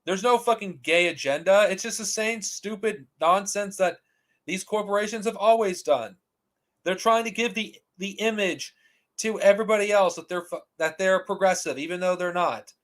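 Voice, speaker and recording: A man hosting a commentary channel, delivering a heated, profane rant with frequent restarts and repeated rhetorical questions. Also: sits high. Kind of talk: ranting commentary.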